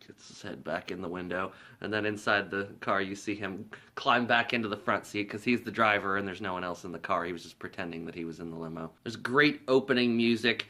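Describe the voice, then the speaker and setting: A man's voice: fairly low pitch, fairly quick, hardly any pauses, bright, forceful tone. A man hosting a casual movie review vlog, recapping scenes in a rambling, profane way and laughing along.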